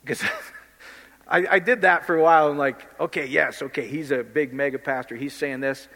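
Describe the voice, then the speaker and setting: A man's voice: fairly high pitch, steady tone, normal speed, a bit bright. A man preaching an informal sermon in a blunt, impassioned, conversational way, often addressing the listeners directly. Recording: long hall reverb.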